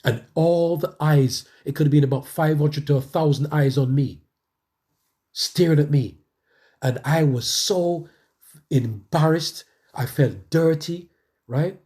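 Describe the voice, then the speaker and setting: Middle-aged man, lay preacher, raised pitch, mellow tone, emphatic repetition. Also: slow. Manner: emphatic, conversational, repeats phrases for emphasis. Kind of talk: sermon testimony.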